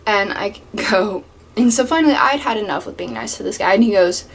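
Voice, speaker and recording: A woman's voice: mid-range voice, a little fast. Chatty young woman telling work stories. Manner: animated, swears freely, drops to whispers for asides. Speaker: vlogger. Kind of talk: casual storytime vlog. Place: home room with a fan.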